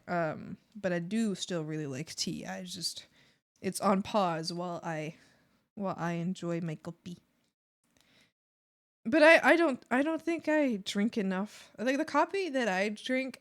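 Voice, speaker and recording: A woman streamer chatting casually while drawing, reading chat and often laughing and joking. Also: medium pitch. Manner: bubbly, laughs a lot, swears playfully. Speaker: art streamer.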